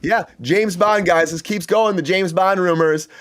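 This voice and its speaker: This is a man with a fairly high voice, hosting a relaxed entertainment news show. He chats eagerly and loosely, with plenty of fillers and side remarks as he talks to his co-host. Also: measured pace. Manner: chatty and enthusiastic, many fillers and asides. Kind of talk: casual entertainment news chat.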